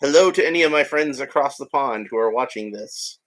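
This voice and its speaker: A man's voice: mid-range voice, a little fast, a bit bright. A man narrating a toy build in a casual, rambling way with joking asides. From United States. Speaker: hobby vlogger.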